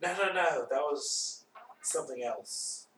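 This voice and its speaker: A man's voice: a little high, slow, fairly bright tone, a little hiss or hum. Bantering young man on a roomy podcast. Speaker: podcast host. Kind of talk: casual movie chat. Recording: roomy, distant mic.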